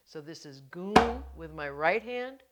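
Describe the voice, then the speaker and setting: A woman teaching hand drumming technique in an instructional video, explaining each step gently and patiently. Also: lowish voice, lively intonation, measured pace, very noisy.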